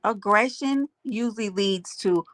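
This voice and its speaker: A woman's voice: medium pitch, unhurried, fairly bright tone, dry recording. A woman hosting a casual livestream, greeting viewers by name and making emphatic points to her chat. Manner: emphatic, preachy asides. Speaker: livestream host.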